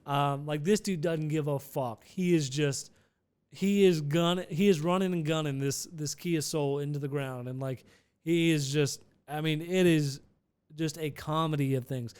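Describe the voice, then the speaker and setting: A man's voice: a little high, clean tone. A man telling a casual, rambling vlog story with many restarts and some profanity.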